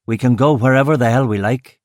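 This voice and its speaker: A man's voice: medium pitch, a little fast, darkish tone, dry recording, studio quality, lightly acted. A man voicing a blunt, wry police officer who talks plainly and teases his partner. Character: gruff male police constable, blunt, teasing.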